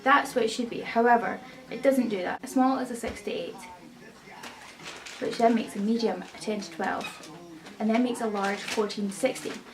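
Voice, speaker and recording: A young woman talks through a shopping haul in a loose, chatty way, drifting into opinions. Her voice sits back from the mic. A steady background noise runs under her. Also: a little high, normal speed. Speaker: vlogger. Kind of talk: casual haul chat. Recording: distant mic, noisy room.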